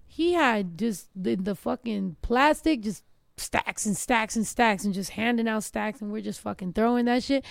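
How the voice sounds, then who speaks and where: A woman's voice: fairly high pitch, normal speed, vocal fry, no echo, clean studio sound. A woman co-hosting a podcast, telling brash, profane stories in casual slang-filled chat. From Mexican heritage. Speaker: podcast co-host.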